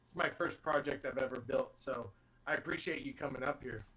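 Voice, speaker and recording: A man's voice: medium pitch, fairly quick, noisy background. A man hosting a live online audio chat, enthusiastic and rambling with lots of fillers. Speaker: host of a live audio space.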